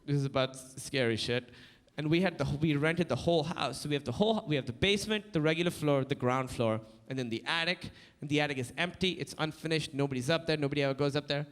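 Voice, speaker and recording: A man from Pakistan telling a stand-up comedy story on stage, animated, breaking into panicked shouted voices. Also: on the high side, quick pace, in a large hall. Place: comedy stage before a live audience.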